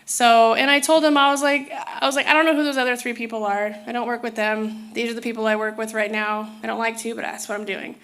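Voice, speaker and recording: Rambling high-voiced woman telling a story. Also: level tone, quick pace, hardly any pauses, a bit bright. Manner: rambling, with frequent restarts. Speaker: spiritual speaker. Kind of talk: casual personal storytelling.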